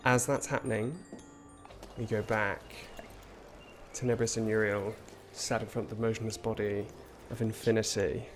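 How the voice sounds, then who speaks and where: A man narrating a tabletop game as game master, in a plain, steady manner. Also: on the low side, normal speed, over music.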